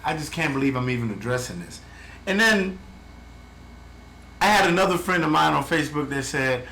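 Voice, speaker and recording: A man's voice: on the high side, sing-song, brisk, bright, forceful tone. A man giving a blunt, heated, profane update as a travel vlogger, ranting to the camera from his home. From United States. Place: home in the Philippines. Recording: echoey room, faint background noise.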